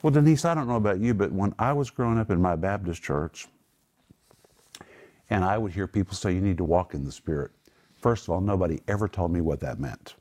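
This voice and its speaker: A man leads a Bible teaching in a small group, his voice sitting a little low. He speaks emphatically and breaks each word down one at a time. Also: animated, a little fast, a little mellow. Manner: emphatic, explains words one by one.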